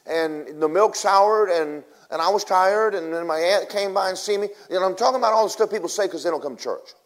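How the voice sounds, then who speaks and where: A man preaching a sermon in a casual, folksy way, telling a story and swinging between loud bursts and hushed asides. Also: high-pitched, brisk.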